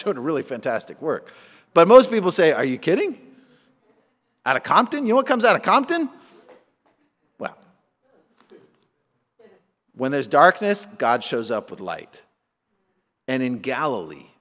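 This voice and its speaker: Animated preaching man in a reverberant hall. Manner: animated, acts out quoted voices with rising pitch. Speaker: pastor. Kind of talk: sermon.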